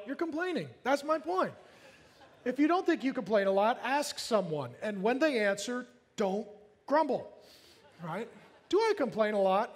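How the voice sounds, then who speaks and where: A man preaching a sermon as pastor, lively and joking, often acting out whiny complainers in put-on voices. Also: very high-pitched, big-room sound.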